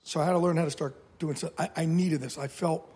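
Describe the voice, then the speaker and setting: Man, 50s, slightly high voice, husky, blunt and profane, animated interview storytelling. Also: fast. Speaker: podcast guest.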